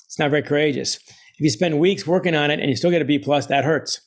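A middle-aged man, an author speaking as a guest, telling stories in an animated way and laughing often. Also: a little high, quick pace. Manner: energetic, quotes others in put-on voices, laughs often. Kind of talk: animated storytelling interview.

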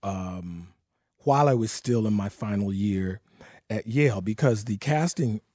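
Husky older guy telling stories in an interview, swears a lot, dry sound. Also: on the low side, measured pace, no room sound. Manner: animated storyteller, profane, laughs while telling stories. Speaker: guest. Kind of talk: casual storytelling interview.

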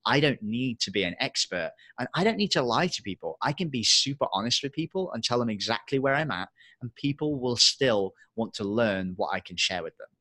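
Young man, interview guest, earnest and confessional, bright husky voice, dry close sound. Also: medium pitch, no room sound. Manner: earnest, confessional, fast with many fillers. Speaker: podcast guest and entrepreneur. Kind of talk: emotional personal story in an interview.

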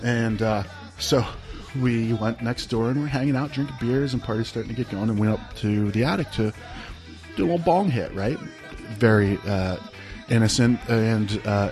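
A man's voice: fairly low pitch, darkish tone. A man telling a personal story in a casual, rambling way, full of "like" and "right?". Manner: rambling, laid-back, peppered with "like" and "right?".

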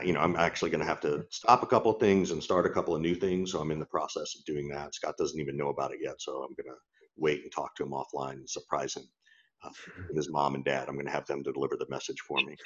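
A man's voice: very deep voice, fairly even intonation, quick pace, fairly bright tone, slightly rough. A man co-hosting a podcast in casual chat, rambling with many fillers and restarts. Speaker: podcast co-host and sales trainer. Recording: dull lo-fi sound.

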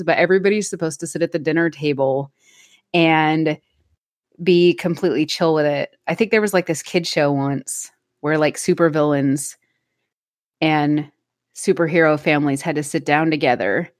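A woman's voice: deep voice, dry recording, studio quality. A woman co-hosting a casual podcast chat, rambling through a story and laughing often. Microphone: remote call mic.

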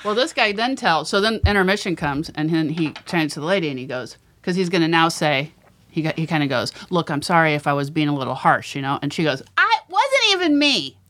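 A woman's voice: sits low, fast talker, fairly bright tone. A woman in casual conversation who laughs often and acts out the voices in her stories. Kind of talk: casual chat.

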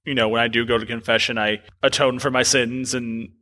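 A man co-hosts a podcast in a hesitant, casual way, leaning on fillers. His voice is bright and forward, with a long reverb from the room around him. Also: mid-range voice, little pitch movement, a little fast. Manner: hesitant, heavy on fillers like "like" and "you know".

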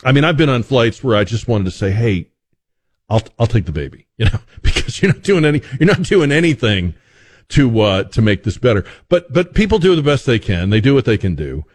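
A man's voice: mid-range voice, fairly quick. A man hosting a talk radio show, joking wryly with a lot of restarts. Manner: wry, joking, animated with many restarts.

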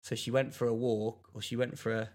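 A man's voice: mid-range voice, level tone, brisk, darkish tone. A young English man on a casual podcast, telling a rambling story and mimicking other people's voices as he goes. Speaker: podcast co-host. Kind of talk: casual chat.

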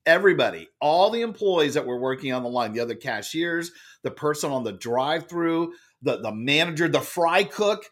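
A man telling a story as a podcast guest, with a loud and lively manner. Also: a little high, moderate pace, few pauses. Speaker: guest, author and speaker. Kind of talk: animated storytelling in a podcast interview.

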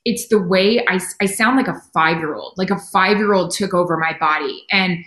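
A middle-aged woman who works as a sideline reporter, telling animated, self-deprecating stories in a casual interview, talking in quick bursts with restarts. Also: on the low side. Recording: roomy echo.

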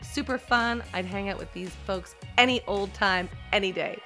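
A woman hosting a podcast, introducing a panel with effusive, excitable energy and playful teasing. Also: mid-range voice, normal speed, faint music behind. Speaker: podcast host.

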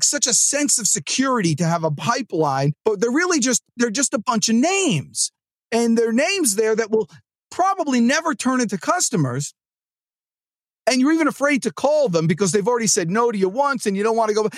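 Delivering a loose motivational monologue on his sales podcast, a New Jersey man speaks at normal speed in a very high voice, with no room sound. He's animated and rambling, restarting often; he's also a sales trainer.

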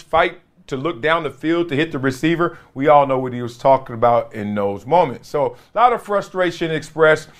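A man's voice: on the high side, a bit bright. A man, a former pro football player, hosting a sports talk show in a blunt, slangy, laughing way.

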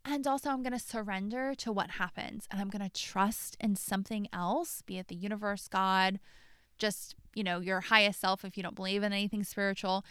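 A woman's voice: mid-range voice, steady tone, brisk, fairly bright tone, smooth, no room sound, studio quality. A young adult woman coach talking candidly on her podcast, open about her own mistakes, with many "like"s and "you know"s. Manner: candid, self-disclosing, lots of fillers like "like" and "you know". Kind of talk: reflective solo podcast talk.

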